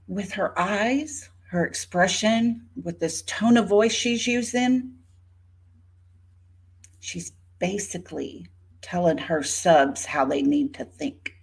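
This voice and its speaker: A woman's voice: mid-range voice, animated, takes it slowly, gravelly. A woman in her fifties giving an indignant, sarcastic rebuttal on her vlog, speaking straight to a rival by name. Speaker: YouTuber. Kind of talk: rebuttal vlog talking to viewers.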